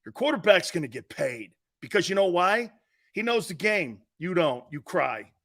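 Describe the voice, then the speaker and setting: A man's voice: high-pitched, sing-song, normal speed, a bit bright. A man hosting a sports talk show, blunt and brash, trash-talking callers and hammering his points home with a repeated "Okay?".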